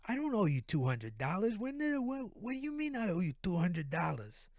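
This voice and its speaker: A man voicing a belligerent shirtless neighbor with an East Coast accent who swears and shouts on a phone call. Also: high voice, big pitch swings, normal speed, dry recording, studio quality, voice pushed up. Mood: angry. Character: loud shirtless middle-aged man arguing on the phone.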